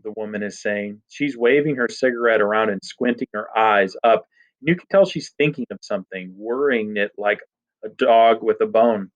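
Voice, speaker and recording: A man's voice: fairly low pitch, normal speed. A man narrating a story in a casual first-person voice. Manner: casual teenage-boy first-person telling. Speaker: audiobook narrator. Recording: dull lo-fi recording.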